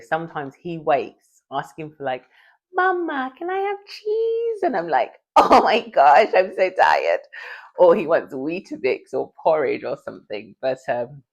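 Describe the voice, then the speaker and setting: A woman vlogging from home in casual chat, chatty and confiding, often out of breath. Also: sits low.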